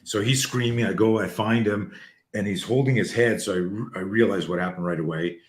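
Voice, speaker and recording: A man hosting a podcast, telling a story in casual chat, animated and swearing freely. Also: lowish voice, brisk. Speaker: podcast host. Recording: roomy echo.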